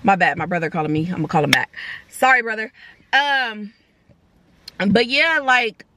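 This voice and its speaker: In a casual chat, a young woman vlogger recounts something that happened to her, acting out the conversations in rapid, lively bursts. Her voice sits in the mid-range, and there's noise in the background.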